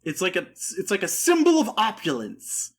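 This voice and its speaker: A man's voice: high voice, wildly swooping pitch, moderate pace, fairly bright tone, slightly rough. A man co-hosting a podcast, chatting casually with rambling, self-deprecating jokes. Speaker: podcast co-host. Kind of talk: casual comedic chat.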